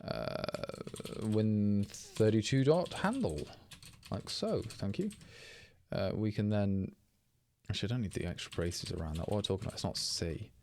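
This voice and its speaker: A slightly low-pitched man talks through live coding and rambles as he works. He is a little tipsy from drinking and keeps stopping to correct himself mid-sentence. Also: lively intonation, moderate pace, a little mellow, a little hiss or hum. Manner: rambling, thinking aloud, self-correcting. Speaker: programmer streaming live.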